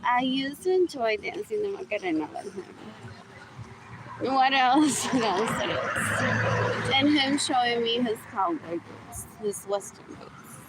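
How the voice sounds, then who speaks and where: A woman's voice: fairly high pitch, lively intonation, moderate pace. A woman rambling through a live-stream monologue, often repeating herself and laughing between phrases. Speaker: livestream host. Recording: loud street traffic noise.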